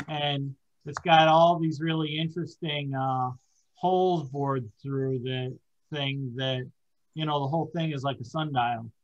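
A man's voice: medium pitch, steady tone, a little slow, lo-fi sound. A man hosting a casual podcast chat, rambling with many fillers and hesitations. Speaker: podcast host.

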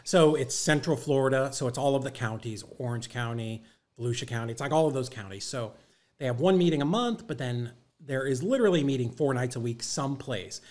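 A man, a real estate investor guest on a podcast, telling stories in an animated, casual way with quick asides. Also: medium pitch. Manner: animated storyteller, quick asides and acted quotes.

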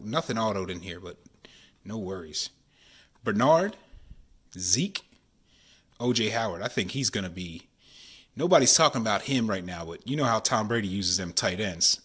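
A man, chatting excitedly while opening sports card packs at home and keeping his voice down. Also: lowish voice, slightly rough. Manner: excited, chatty, says y'all often; keeping voice down while kid sleeps. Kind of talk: casual card-opening vlog. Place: home, at night.

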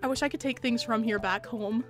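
A young woman streams a game live, gushing and excitable, her fairly high voice jumping into delighted squeals. Faint game music plays behind her. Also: a little fast. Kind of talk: live gameplay stream chat.

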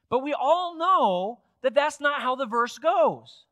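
A man's voice: extremely high pitch, animated, measured pace, hardly any pauses, bright, forceful tone, no echo, clean studio sound. A man preaching a sermon in a church, emphatic and given to repeating phrases for effect. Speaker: pastor.

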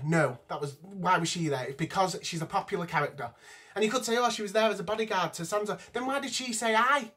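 A man's voice: high voice, a bit bright. Exasperated man ranting. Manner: exasperated, profane, ranting from notes. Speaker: vlogger. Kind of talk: ranting TV review.

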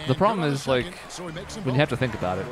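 A man's voice: mid-range voice, sing-song, fast talker. A man co-hosting a basketball video game session, joking, laughing often and talking through his plays. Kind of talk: casual let's-play chat. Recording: game crowd audio underneath. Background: video game arena crowd.

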